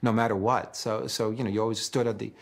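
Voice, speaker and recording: A man giving a documentary interview, talking in quick bursts with restarts. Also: on the low side, steady tone, gravelly, heavy background noise. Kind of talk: reminiscing interview.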